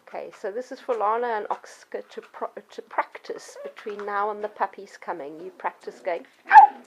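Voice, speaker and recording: Woman, middle-aged, dog trainer, patient teaching voice, mid pitch. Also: normal speed, slight background noise, low-quality recording. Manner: clear, patient explaining, acts out yelps and children's voices. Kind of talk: instructional talk to children and parents.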